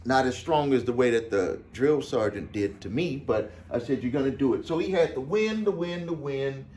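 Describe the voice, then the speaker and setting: A man's voice: medium pitch, animated, normal speed, a little mellow, slight background noise. A man coaching small business owners, telling a client story casually to camera, often repeating phrases for emphasis.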